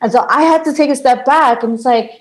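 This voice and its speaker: A woman's voice: sits high, quick pace, rough recording. A woman in her thirties from Bangladesh, a podcast guest who chats casually, often laughing and saying "like". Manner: chatty, laughs often, lots of "like". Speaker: podcast guest, sound healer. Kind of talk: casual conversation.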